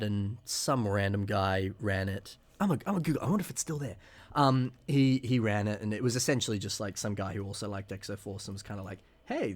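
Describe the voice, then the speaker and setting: A man in his twenties chatting casually as a podcast co-host, telling long rambling stories and acting out remembered quotes, clearing a rough morning throat. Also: on the low side. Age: 20s. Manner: rambling storyteller who acts out remembered quotes. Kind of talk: casual chat.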